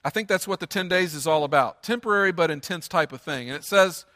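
A man's voice: fairly high pitch, fast, pushed and bright, big-room sound. A man preaching a sermon as pastor, earnest and emphatic, with lots of repetition.

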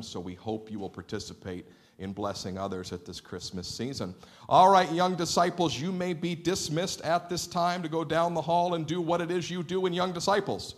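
A middle-aged man preaching a sermon in a church sanctuary, a lively and playful storyteller who acts out the dialogue in his anecdotes. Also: mid-range voice. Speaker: pastor.

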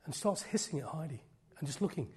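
A middle-aged man preaching a sermon, swinging from loud declarations to hushed, almost whispered lines. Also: fairly high pitch, animated, fast talker.

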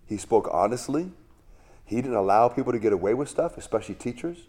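A man's voice: mid-range voice, animated, fairly quick, darkish tone. A middle-aged male pastor giving a sermon in a conversational way, with rhetorical questions and asides.

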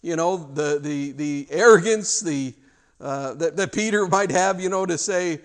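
Emphatic preacher man, slightly high voice. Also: a little slow, smooth. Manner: emphatic, animated retelling with many restarts. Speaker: pastor. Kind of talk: sermon.

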